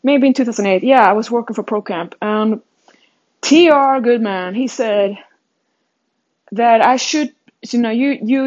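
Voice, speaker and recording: A woman's voice: a little high, measured pace, pauses often, a little mellow. Rambling, self-mocking woman coach. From Sweden. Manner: rambling and self-mocking, many restarts and laughs. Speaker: fitness coach. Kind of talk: casual self-reflective monologue. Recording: dull lo-fi sound.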